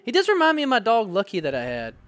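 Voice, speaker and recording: Lively high-voiced man opening cards. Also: fast talker. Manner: chatty and excitable, reads card text aloud. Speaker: card-opening channel host. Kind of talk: casual unboxing chat.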